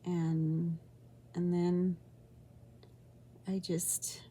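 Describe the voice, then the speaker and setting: A woman vlogging about her own love life, talking in a halting, rambling way with many restarts and an emotional, sometimes near-whispered delivery. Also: lowish voice, flat delivery, dark tone, breathy edge. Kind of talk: personal storytelling vlog.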